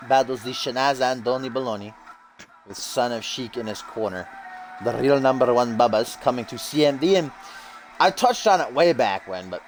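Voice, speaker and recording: A man's voice: medium pitch, rough recording. A young man calls a video game wrestling show like a hype announcer, cracking jokes and swearing along the way. His voice sits in the middle range and comes through close, as if from a desk mic. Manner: joking, profane, hype-announcer delivery. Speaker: host and play-by-play commentator. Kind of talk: casual wrestling game commentary.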